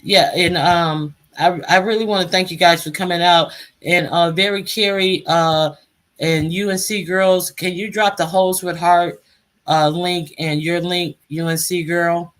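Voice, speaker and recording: A woman's voice: on the low side, steady tone, measured pace, fairly bright tone. A woman hosting a casual live stream, chatting and calling guests up to speak. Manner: chatty, calls out guests by name.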